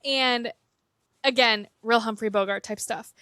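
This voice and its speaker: A young woman cohosting a podcast who talks casually, searching for words with many fillers and trailing off. Her voice is bright and a little high, with a dry, close sound. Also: fairly even intonation, unhurried, smooth, dry recording. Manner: hesitant, lots of "like" and trailing off. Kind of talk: casual chat.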